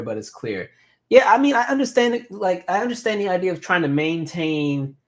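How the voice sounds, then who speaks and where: A man in his thirties hosts a relaxed live stream and chats with his viewers. He tells stories with lively energy and reads their comments out loud in an ordinary mid-range voice. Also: medium pitch. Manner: animated storytelling, reads viewer comments aloud. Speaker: host. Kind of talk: casual live-stream chat.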